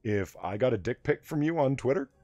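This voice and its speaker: A man's voice: mid-range voice, animated, a little fast, darkish tone, no echo, faint music behind. A man hosting a late-night livestream chat, loose and rambling, laughing often as he tells stories and reads chat. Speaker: livestream host.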